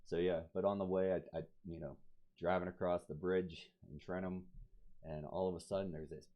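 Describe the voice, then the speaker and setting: A man's voice: deep voice, moderate pace. A man telling a story in casual podcast talk, swearing freely and acting out the people he quotes. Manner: profane, animated, acts out quoted voices. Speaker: guest. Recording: dull lo-fi podcast audio.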